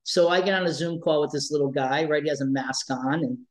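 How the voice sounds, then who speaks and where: A man's voice: fairly high pitch, brisk, poor audio. Emphatic man telling stories. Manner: emphatic, repeats key phrases for weight. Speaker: life coach for trans and non-binary youth. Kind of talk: conversational interview storytelling.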